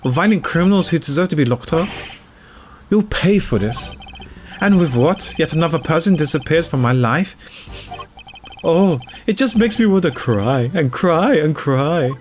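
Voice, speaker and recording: A man's voice: a little high, expressive, a little slow, slight background noise. A man voicing a smug older male chairman villain who taunts and belittles a prosecutor in a game. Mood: gloating. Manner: condescending, taunting.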